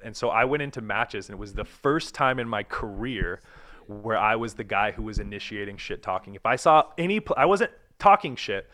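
A man's voice: mid-range voice, a bit bright. A man in his thirties, a professional volleyball player, talking casually and energetically on a podcast, full of slang and swearing.

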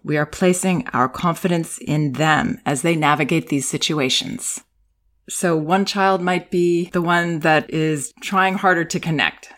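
A woman hosting a parenting talk, speaking in a gentle, patient and measured way as she acts out calm phrases to say to young children. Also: sits low. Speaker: parenting educator and podcast host. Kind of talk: calm instructive talk with role-played examples.

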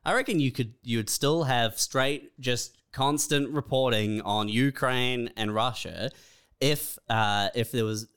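A man's voice: mid-range voice, a little slow, fairly bright tone, clean tone. A young Australian man co-hosting a comedy podcast, laid-back and chuckling, tossing in dude and man. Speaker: podcast co-host. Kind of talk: casual comedic chat.

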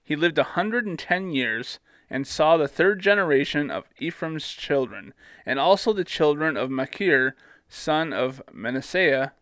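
A man's voice: fairly high pitch, lively intonation, a little slow, a bit bright, no room sound. A man co-hosting a casual Bible study, reading scripture aloud and adding playful asides.

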